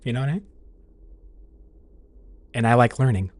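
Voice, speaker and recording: A man's voice: medium pitch, normal speed, no echo. A man streaming and chatting casually with his viewers, rambling along with restarts and laughs.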